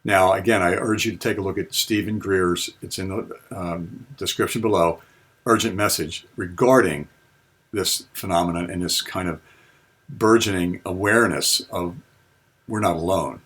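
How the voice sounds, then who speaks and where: A man giving a spiritual talk, telling personal experiences in an earnest, unhurried way. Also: low voice, fairly bright tone, husky. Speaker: spiritual teacher.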